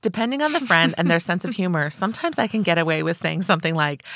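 Gravelly low-voiced woman podcast co-host. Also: animated, fast talker, hardly any pauses, a bit bright, dry recording, studio quality. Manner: conversational, reads aloud with asides. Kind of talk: casual chat and reading a listener email.

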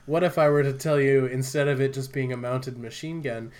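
A man's voice: mid-range voice, steady tone, a little fast. A man hosting a podcast, talking in a jokey, profane, self-deprecating way. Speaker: podcast host. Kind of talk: casual chat.

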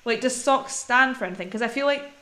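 A woman's voice: a little high, quick pace, sharp tone. A woman co-hosting a film podcast in a casual, rambling chat. She laughs often and trails off mid-thought. The sound is echoey and roomy. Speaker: podcast co-host. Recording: echoey room.

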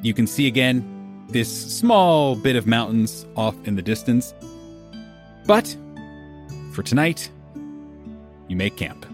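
A man narrating as game master of a tabletop game, unhurried and given to laughing. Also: medium pitch, animated, soft background music. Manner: slow, drawn-out narration, laughs often.

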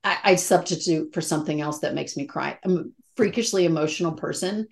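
Candid, emotional actress talking shop. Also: female voice, low voice, fairly quick, creaky, a little hiss or hum. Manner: candid, emotional, many fillers and restarts. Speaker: actress guest. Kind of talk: casual interview chat.

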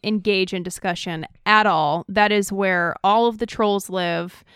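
A woman's voice: mid-range voice, steady tone, unhurried, fairly bright tone, clean tone, no echo, studio quality. A woman co-hosting a casual podcast, giving plain, direct advice. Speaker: podcast co-host.

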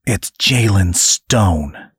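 Narrator voicing a teen boy, terse and bitter, a bit husky. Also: sing-song, unhurried, dry recording, clean studio sound, full character voice. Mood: grim. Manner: low, acrid, terse. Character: teenage boy hero, wry and bitter.

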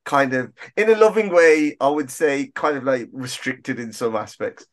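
A man hosting a podcast, telling a family anecdote in a relaxed, jokey way. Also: mid-range voice, moderate pace. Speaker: podcast host. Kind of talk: casual podcast chat.

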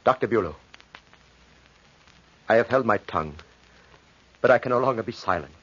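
A man's voice: fairly low pitch, animated, moderate pace, a bit bright, breathy edge. An actor playing a desperate, devoted husband who pleads earnestly for his dying wife in a 1940s radio play, on a dull old broadcast recording. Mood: pleading.

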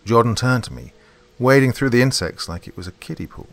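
A man's voice: medium pitch, expressive, brisk, fairly bright tone. A man narrating a horror story in the first person, in a tense, dramatic way.

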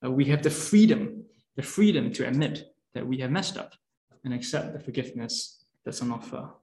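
A man's voice: mid-range voice, a little mellow, slight background noise. A man preaching an earnest lunchtime sermon, explaining step by step with fillers and restarts. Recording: echoey room.

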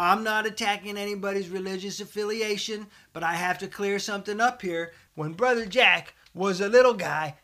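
A middle-aged man hosting a satirical show, talking in a folksy preacher cadence with deadpan humor. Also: high voice. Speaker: comedic host of a satirical show.

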